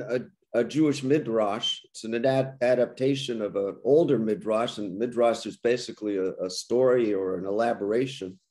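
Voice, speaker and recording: An older man speaks as a guest rabbi over a video call, his voice at an ordinary middle pitch. He talks in a halting, thoughtful way with frequent restarts. He then builds his points through rhetorical questions. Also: a little mellow. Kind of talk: reflective interfaith talk.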